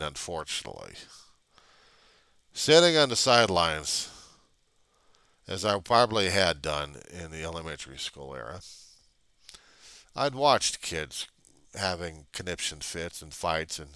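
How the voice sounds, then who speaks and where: A middle-aged man in a rambling casual monologue, gruff and grumbling, swearing freely as he talks to his webcam. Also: low voice, bright, forceful tone, dry recording. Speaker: vlogger.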